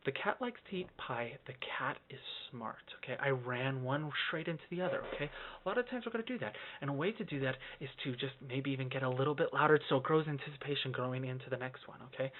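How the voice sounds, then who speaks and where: A man giving a casual singing lesson on phrasing, explaining in loose bursts and ending points with a questioning "okay?". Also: mid-range voice. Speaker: singing teacher. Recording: tinny phone-like lo-fi sound.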